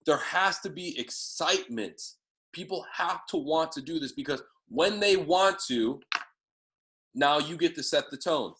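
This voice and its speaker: A man leading a team sales training, talking excitedly and casually, swearing now and then as he fires up his audience. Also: fairly high pitch, unhurried, low-quality recording. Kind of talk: motivational training talk.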